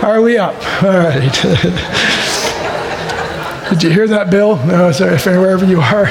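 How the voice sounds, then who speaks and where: A man's voice: high-pitched, slow, vocal fry, a crowd in the background, noisy background. A man preaching a sermon and telling a joke first, in a chatty, conversational way with asides to the room. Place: church hall. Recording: echoey hall with faint ambience.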